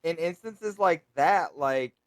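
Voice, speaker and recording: A man co-hosting a casual podcast chat, retelling stories with lively acted quotes; he works as a delivery driver. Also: a little high, slow, slight background noise. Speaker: podcast co-host.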